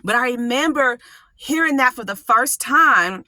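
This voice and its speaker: A woman hosting her own channel, talking casually and animatedly, often breaking into high laughing exclamations. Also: lively intonation, a little slow, pushed and bright, no room sound. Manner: dialect touches in her speech. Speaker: coach and channel host. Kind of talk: casual monologue.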